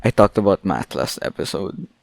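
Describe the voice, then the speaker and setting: A man's voice: sits low, lively intonation, normal speed, gravelly, dry recording. A young man hosting his own podcast, rambling through a mock-angry, joking rant. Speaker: podcast host. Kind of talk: solo casual podcast rant.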